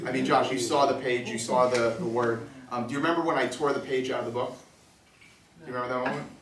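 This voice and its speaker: A man's voice: medium pitch, steady tone, quick pace, crowd noise. A man from New Jersey performing a comedy magic show on a club stage, joking playfully with the audience. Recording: roomy club sound from a distance.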